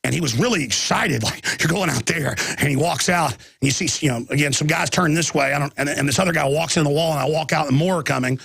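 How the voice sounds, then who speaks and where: A man's voice: on the high side, fast, gravelly, few pauses, fairly bright tone, breathy edge, no echo. A man hosting a talk radio show, rambling and agitated with many restarts, talking through a chest cold with coughing.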